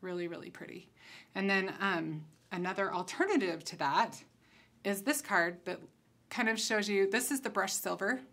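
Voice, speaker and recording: A woman's voice: medium pitch, normal speed. A woman giving a casual craft tutorial, chatting and thinking aloud as she works at her table. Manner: chatty, relaxed, thinks aloud while working. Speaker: concept designer demonstrating crafts.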